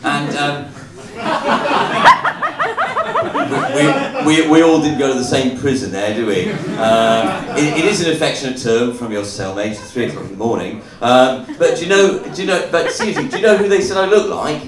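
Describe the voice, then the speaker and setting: A man's voice: medium pitch, sing-song, moderate pace, crowd noise. A man doing a live stand-up routine on a club stage, dry and hesitant, full of ums, with the audience laughing. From Wales. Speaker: stand-up comedian. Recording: echoey club, from far off.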